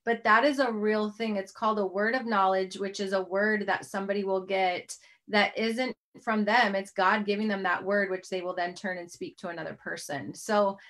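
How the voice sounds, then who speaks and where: Her tone stays steady and fairly bright as this middle-aged host conducts a faith interview at a moderate pace with hardly any pauses. Earnest and rambling, she keeps restarting sentences and relies on fillers, her pitch at a normal middle height.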